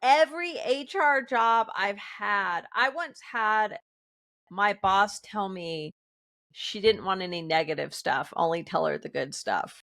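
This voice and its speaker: A woman co-hosting a casual talk show, telling animated work stories, laughing often and mimicking the people she quotes. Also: medium pitch, slow pace. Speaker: podcast co-host. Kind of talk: casual chat.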